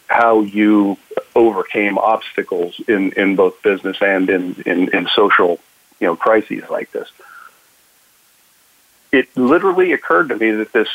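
A man's voice: fairly low pitch, no room sound. A man calling in as a panel guest, speaking reflectively and rambling with restarts, over a tinny phone line. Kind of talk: casual remote discussion.

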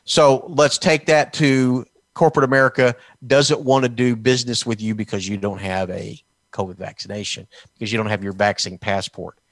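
A man from Texas delivering a fiery political commentary, sarcastic and combative. His voice sits at an ordinary middle pitch. The sound is dry and close, with no room echo. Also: little pitch movement, normal speed, hardly any pauses. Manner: combative and sarcastic, mocking officials in put-on quotes. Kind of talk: heated political talk.

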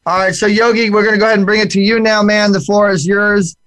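High-voiced man hosting, dry sound. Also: steady tone, fast, fairly bright tone, no room sound. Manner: hesitant with repeated words. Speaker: show host. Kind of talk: casual talk show hosting.

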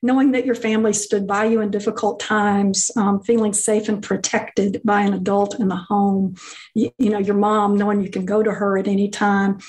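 A woman's voice: mid-range voice, little pitch movement, moderate pace, a little mellow, rough recording. A woman interviewing an author, responding in an affirming, conversational way.

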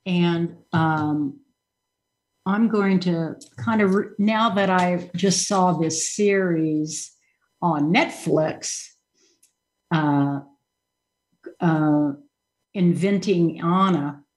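A woman hosts a relaxed chat show, speaking slowly in a lowish voice. She rambles with frequent ums and restarts. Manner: chatty, many ums and restarts. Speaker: show host. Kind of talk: casual interview chat.

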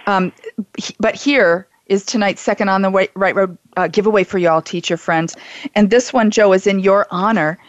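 A woman's voice: medium pitch, steady tone, normal speed, no echo, dull audio. A woman hosting a radio talk show, effusive and enthusiastic as she reads giveaway details and questions her guest.

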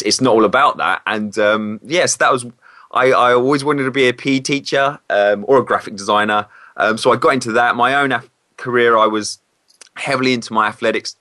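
A man's voice: mid-range voice, a little fast, bright, forceful tone, no room sound, studio quality. A man, a former PE teacher, talks candidly and hesitantly in a casual interview. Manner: candid, hesitant, self-correcting.

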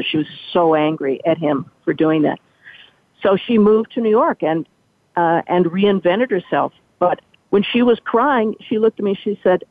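A woman's voice: lowish voice, normal speed, no room sound. An older woman, a former entertainment reporter, recounting behind-the-scenes stories as an interview guest and acting out what others said. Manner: animated storyteller who acts out quoted speech. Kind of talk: storytelling interview. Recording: tinny dry phone line.

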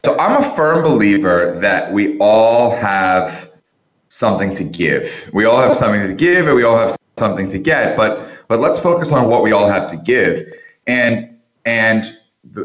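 A man who is a podcast guest, telling a long story with lots of restarts and animated turns. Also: on the low side, a little slow, reverberant, dull audio. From New York area. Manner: animated anecdote-teller with frequent restarts. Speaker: interview guest.

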